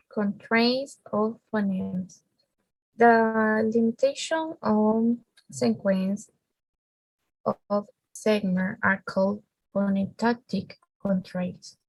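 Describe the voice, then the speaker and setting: Non-native woman presenter, slow and gravelly, dry close sound. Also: mid-range voice, no echo, lo-fi sound. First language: Spanish. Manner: halting, with restarts and fillers. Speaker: student presenter. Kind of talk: reading a class presentation.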